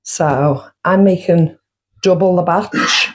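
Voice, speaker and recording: A woman's voice: on the low side, takes it slowly, low-quality recording. A woman with a chatty manner, hosting a casual home baking vlog and walking through her costs step by step. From United Kingdom. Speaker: baking vlogger.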